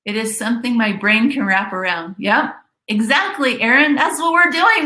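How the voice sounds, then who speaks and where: A woman's voice: a little high, moderate pace, sharp tone, echoey room, poor audio. A woman life coach giving a motivational webinar talk, earnestly repeating key phrases for emphasis.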